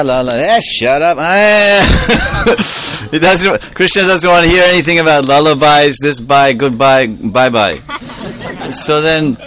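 A man telling a devotional story as a sermon, animated and playful, laughing often and adding joking asides. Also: mid-range voice.

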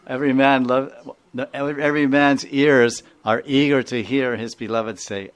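A man's voice: mid-range voice, fairly even intonation, normal speed. A man giving a devotional lecture, digressive and prone to laughing, who acts out sounds as he goes. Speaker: spiritual teacher.

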